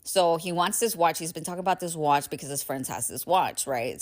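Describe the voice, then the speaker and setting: A woman's voice: sits low, animated, a little fast. A woman podcast host telling a personal story in a candid, casual way, swearing freely and chuckling often, sounding tired.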